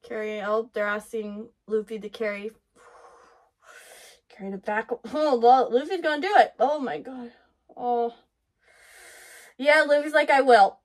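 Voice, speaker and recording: A woman hosting an anime reaction, talking excitedly over what she watches, gasping, laughing and swearing. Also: a little high, measured pace, pauses often. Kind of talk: live reaction commentary.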